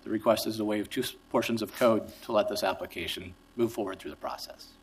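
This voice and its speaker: A man's voice: on the low side, fairly even intonation, fast talker, breathy edge, poor audio. A man presenting as city staff, explaining a procedure to the council.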